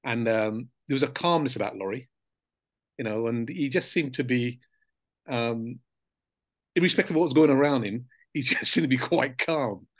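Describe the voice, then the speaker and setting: An older man, a former footballer appearing as an interview guest, reminisces casually in a mid-range voice at normal speed. His storytelling is relaxed and reflective, full of ums and soft chuckles, with no room sound at all.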